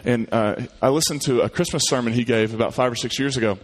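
A man's voice: mid-range voice, quick pace. A male pastor praying and then preaching, telling a story in a conversational way with frequent restarts. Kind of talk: sermon and prayer.

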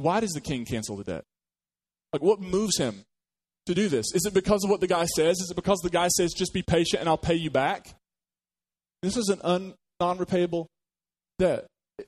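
A man's voice: fairly high pitch, a little mellow. A man preaching a sermon as pastor, talking conversationally, asking the congregation questions and joking as he retells a parable.

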